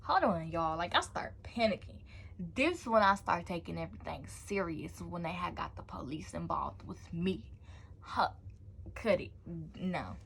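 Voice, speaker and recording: A young woman vlogger telling a storytime in an animated, slangy way, tossing in "blah, blah" asides. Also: on the low side, unhurried, gravelly, slightly rough. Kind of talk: storytime vlog.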